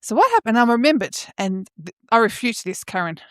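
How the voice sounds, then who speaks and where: Aussie woman in her 40s chatting on a podcast, bit high, tells stories doing all the voices. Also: fairly quick, dry recording, clean studio sound. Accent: Australian. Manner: animated storytelling, acts out voices. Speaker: podcast co-host. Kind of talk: casual chat.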